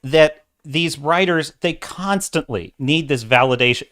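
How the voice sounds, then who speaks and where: A man's voice: a little high, a little slow, hardly any pauses, a bit bright. A middle-aged man hosting a livestream, giving opinionated, ranting commentary and reading viewer chat aloud. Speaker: livestream host.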